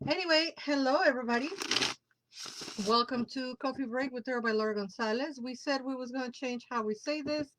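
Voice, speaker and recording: A woman's voice: high-pitched, brisk, noisy background. A woman whose first language is Spanish, hosting a live tarot show in casual chat, greeting viewers by name and dropping Spanish words into her English.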